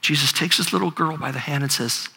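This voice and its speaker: A man's voice: a little high, quick pace, gravelly, pushed and bright, husky. An older man, a grandfather, preaching a sermon in a conversational storytelling way, often repeating words as he talks. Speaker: pastor.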